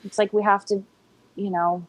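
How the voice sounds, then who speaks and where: A woman's voice: medium pitch, flat delivery, normal speed, dry recording, low-quality recording. A young woman co-hosting a podcast, talking in a musing, loose way full of "like" and "I mean.". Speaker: podcast co-host. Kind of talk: casual chat.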